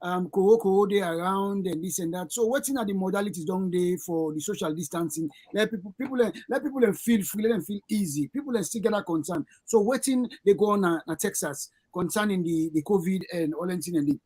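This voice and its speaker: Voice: medium pitch, a little mellow, husky. Hesitant Krio-accented radio host. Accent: Sierra Leonean Krio. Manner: halting questions with frequent hesitations. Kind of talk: radio interview.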